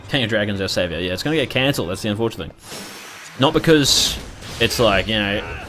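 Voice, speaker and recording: A man's voice: fairly low pitch, fairly quick, background noise. A young man chatting loosely as a gaming streamer, rambling and swearing freely. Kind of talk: casual live-stream commentary.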